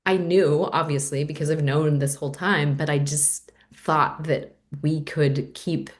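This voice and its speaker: Low-voiced woman telling her story. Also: unhurried. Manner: animated, acts out quoted voices. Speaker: podcast guest. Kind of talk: candid storytelling in conversation.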